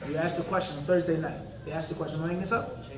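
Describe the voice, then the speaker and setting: Racing along in a slightly high, steady voice, an Islamic teacher lectures in a mosque hall, constantly quizzing the crowd with fill-in-the-blank questions and throwing in casual street-talk asides. The recording comes from a distant mic in a roomy hall.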